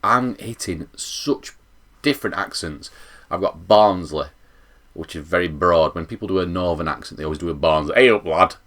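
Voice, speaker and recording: A man with a South Yorkshire accent, chatting casually to camera in a rambling, animated vlog. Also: low voice, normal speed. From England. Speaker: vlogger.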